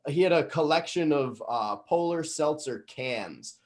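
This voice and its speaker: A man's voice: a little high, animated, darkish tone. A man in his late thirties from Massachusetts hosting a podcast interview, loose and casual with plenty of ums and easy laughter. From Northeastern Massachusetts. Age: late 30s. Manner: loose and laid-back, lots of ums, quick to laugh. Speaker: podcast host.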